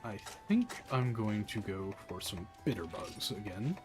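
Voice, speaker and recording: A man from the American South with a Southern accent, casually chatting while playing a game, rambling through animated asides. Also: on the low side, measured pace, music in the background. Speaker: gameplay commentator. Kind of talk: casual gameplay chat.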